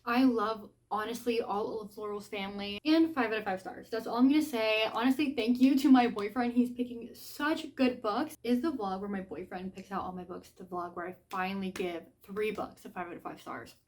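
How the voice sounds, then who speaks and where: A young woman talks straight to her camera in a casual reading vlog. She gushes and rambles, and "like" fills nearly every sentence. Her pitch sits in the middle for a woman. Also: normal speed, hardly any pauses. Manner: chatty and gushing, heavy use of "like". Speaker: book vlogger.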